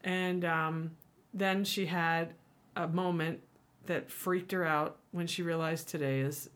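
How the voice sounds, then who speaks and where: A woman's voice: on the low side, slow. Chatty woman podcast co-host. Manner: animated storyteller, acts out quoted people. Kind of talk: casual chat.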